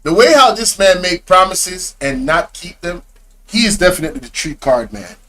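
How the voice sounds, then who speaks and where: High-voiced man exclaiming in disbelief. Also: expressive, normal speed, a bit bright, a little hiss or hum. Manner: exclaiming, incredulous, often laughing; slang-heavy, addresses viewers directly. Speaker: reaction video host. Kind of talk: casual reaction commentary.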